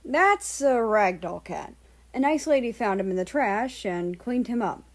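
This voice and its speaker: A woman's voice: on the high side, animated, unhurried. A woman reads as a male animal shelter worker, polite and matter-of-fact as he shows off a cat to a customer. The voice stays close to a plain reading voice, with only a slight shift, in a read-aloud fan story.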